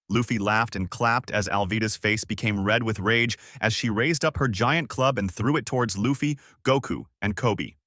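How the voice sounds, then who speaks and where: A man narrating a fan fiction story with lively storytelling. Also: fairly low pitch, dry recording, studio quality.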